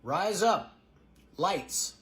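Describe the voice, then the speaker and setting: A man's voice: high voice, expressive, extremely slow, fairly bright tone. An American man, an audience volunteer on a comedy club stage, hesitantly reading a line aloud. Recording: noisy live show audio.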